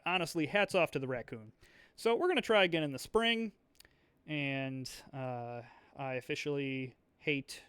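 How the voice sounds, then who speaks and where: A young man hosts a board game video, chattily rambling through his moves as he thinks aloud, full of fillers and restarts. His medium-pitched voice has a fairly bright, clean tone, and the recording is dry.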